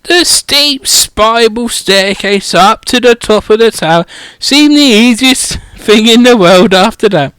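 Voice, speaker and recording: A man's voice: sits high, expressive, unhurried, hardly any pauses, fairly bright tone, smooth, dry recording. A man reading a comedic parody audiobook through a headset mic, irreverent and swearing, often stumbling over words. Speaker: audiobook reader.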